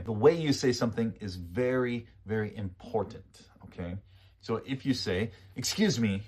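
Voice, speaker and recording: A man with a husky, somewhat low voice teaching conversation phrases. He talks in a relaxed, animated way and says key phrases several times so learners can repeat them. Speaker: English teacher. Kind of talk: casual spoken English lesson.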